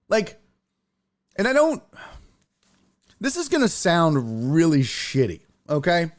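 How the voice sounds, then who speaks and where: A man hosting a sports talk show, a comedian telling a profane, emphatic story in an animated way, sounding a bit congested. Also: fairly high pitch, measured pace, pauses often. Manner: profane, emphatic, fired-up ranting. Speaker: podcast host and stand-up comedian.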